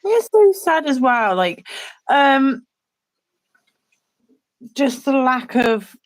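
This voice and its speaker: A woman's voice: high-pitched, sing-song, extremely slow. Hesitant British woman chatting while painting. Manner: rambling, hesitant, many fillers. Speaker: co-host. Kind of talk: casual chat while painting.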